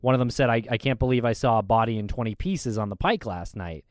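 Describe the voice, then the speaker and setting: A man's voice: medium pitch, fast, dry recording, clean studio sound. A man co-hosting a casual chat, telling a news story with many fillers and restarts.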